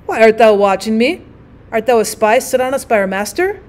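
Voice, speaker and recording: A woman's voice: on the high side, animated, moderate pace, a little mellow, close to an everyday voice. A woman voicing a bitter, starving male weaver who speaks angrily in archaic words. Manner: angry, bitter, archaic speech.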